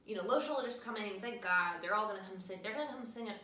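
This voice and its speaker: A bright-voiced young woman tipsy on wine gives a jokey, animated film recap, acting out the lines. She sits back from the mic in an echoey room with a faint noise under her. It has the feel of a casual podcast. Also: mid-range voice, fast, far from the mic, faint music behind. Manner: animated, jokey, acts out quotes. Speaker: podcast host.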